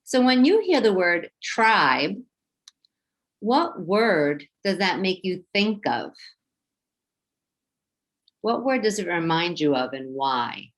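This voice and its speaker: New york teacher lady, slow and clear, voice goes way up and down, sounding out words for little kids. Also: lowish voice, very animated. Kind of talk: children's phonics lesson.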